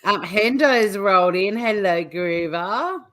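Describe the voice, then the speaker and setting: A woman's voice: low-pitched, lively intonation, normal speed. A woman with an Australian accent, co-hosting a news comedy livestream in casual chat, chatty and teasing, laughing often.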